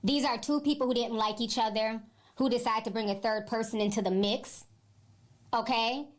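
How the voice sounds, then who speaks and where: A woman host giving her opinion in a measured, persuasive commentary. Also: fairly high pitch, steady tone.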